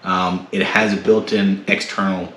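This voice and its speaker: A man hosting his own tech channel, unboxing and explaining a device in a relaxed way with many fillers and restarts. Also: low-pitched, unhurried, reverberant. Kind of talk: casual product unboxing. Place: home room.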